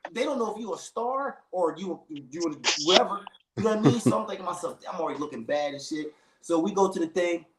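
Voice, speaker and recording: A man telling a long story in casual chat, animated, full of slang, acting out the other people in it. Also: high voice, roomy sound, low-quality recording.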